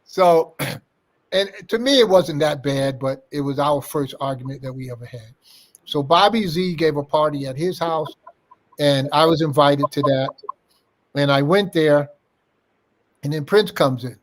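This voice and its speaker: An older man recalling old times in an interview, his voice sitting a bit higher than most men's. He is a lively storyteller who slips into the voices of the people he quotes. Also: a little slow, pauses often. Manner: animated anecdote-teller, acting out quoted dialogue. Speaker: interview guest.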